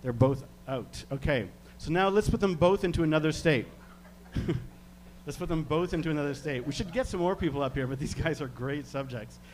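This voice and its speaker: A man with a slightly high voice leads a live hypnosis demonstration. He talks subjects under with slow, soothing suggestions and chuckles often between them. A faint hum sits under his voice. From Canada. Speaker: stage hypnotist guest.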